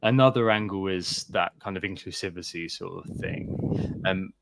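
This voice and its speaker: A man's voice: sits low, moderate pace, creaky, background noise. A man co-hosting a podcast, talking casually and hesitantly, with frequent ums and restarts. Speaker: podcast co-host. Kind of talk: casual chat.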